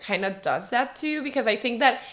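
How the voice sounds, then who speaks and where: A young woman from northern Mexico hosting a podcast interview, chatty and quick to laugh. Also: a little high, lively intonation, a bit bright. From northern Mexico, Tijuana. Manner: chatty, laughs often, frequent backchannel hums. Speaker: podcast host. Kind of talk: casual interview conversation.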